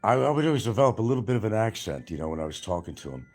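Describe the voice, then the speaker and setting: With soft music in the background, the older New York host talks very fast, his lowish, darkish voice swinging widely in pitch. He rambles and repeats himself on a casual livestream, reading out viewer comments, and his New York accent is slight.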